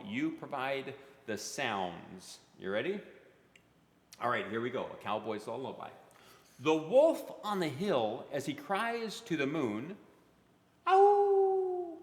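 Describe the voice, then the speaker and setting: A man who writes and performs for children, reading poems aloud in a playful, interactive way and making animal sound effects. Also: mid-range voice. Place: children's museum event space. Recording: roomy with long hall reverb.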